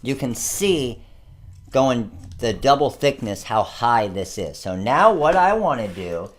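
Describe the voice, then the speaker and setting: A man's voice: medium pitch, sing-song, slow pace. A man in his thirties hosting a casual how-to tutorial, chatting through each step as he works. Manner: chatty, explains each step while working. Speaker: host of a craft supply tutorial channel.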